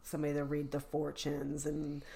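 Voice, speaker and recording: A woman's voice: deep voice, monotone, moderate pace, vocal fry, dark tone. A woman guest on a podcast, telling stories in a chatty, casual way. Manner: chatty storytelling with laughs. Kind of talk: casual chat.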